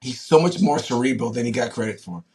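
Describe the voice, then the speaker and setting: In a relaxed interview, this man in his fifties, once a professional football player, spins energetic tales full of fillers and false starts. He talks fast in a mid-range voice.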